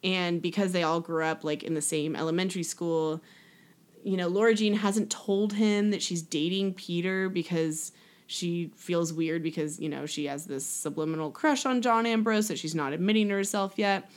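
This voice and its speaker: A woman's voice: fairly low pitch, moderate pace. A woman in casual chat, recapping a movie in a rambling way, full of "like" and acted-out lines. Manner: rambling, lots of "like", acts out characters with laughs.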